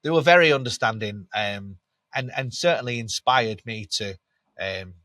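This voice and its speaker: Northern English male guest, nasal, bright, close and dry, chatty storyteller who laughs a lot. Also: lowish voice, normal speed, no room sound. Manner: lively anecdotal, laughs often, many restarts. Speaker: podcast guest. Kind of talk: candid storytelling in an interview.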